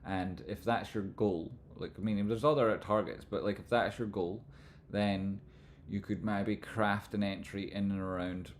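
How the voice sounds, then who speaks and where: A man with a Scottish accent hosting a live stream, explaining stock chart analysis in a relaxed, rambling way. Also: lowish voice, unhurried, slight background noise. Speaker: livestream host, trading analyst.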